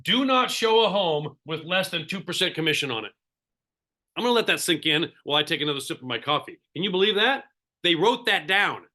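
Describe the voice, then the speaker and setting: A man coaching real estate agents in a live online seminar, animated and sarcastic, often asking the audience questions. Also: a little high, brisk.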